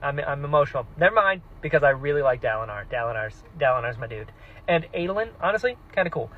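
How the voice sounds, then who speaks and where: A man excitedly talking through his reactions to a fantasy novel in a casual vlog, jumping into quick put-on voices for characters. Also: on the high side, dull audio, a little hiss or hum. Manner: excitable, animated, mock-voicing characters. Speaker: book vlogger.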